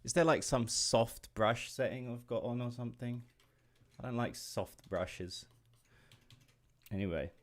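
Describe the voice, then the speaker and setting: He's an indie developer from England in his late twenties, drawing while he chats on stream, wandering off topic, easily sidetracked, laughing frequently and swearing offhandedly. He speaks at a medium pitch and a measured pace, with long pauses.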